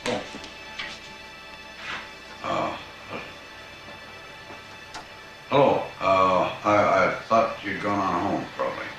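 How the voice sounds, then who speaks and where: Film role: shy, stammering boss, very deep and gravelly, music under the scene. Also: male voice, animated, exaggerated voice. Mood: awkward. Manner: halting, stammering with fillers. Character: hesitant shy middle-aged male employer.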